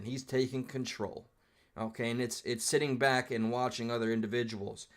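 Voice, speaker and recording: A male streamer giving live commentary on a clip in a rambling, reflective style, with casual swearing. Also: mid-range voice.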